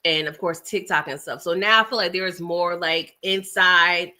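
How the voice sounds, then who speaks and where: Fairly quick and lowish in pitch, this bright-voiced New York City woman hosts a casual live stream, reading the chat as she snacks. Her manner is animated and talkative, with plenty of laughs and asides aimed at her audience.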